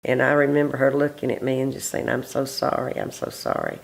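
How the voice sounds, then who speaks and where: A man's voice: mid-range voice, huge pitch swings, fairly quick, vocal fry, poor audio. A man recalling events as a witness in a documentary interview, speaking in a loose, reflective way.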